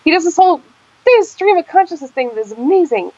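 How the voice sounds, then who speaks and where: A woman's voice: very high voice, sing-song, fast, darkish tone, no echo. A woman with a Baltimore accent co-hosting a casual group chat show, chatty and gushing, laughing easily. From Baltimore, USA. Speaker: podcast co-host. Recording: dull lo-fi online audio.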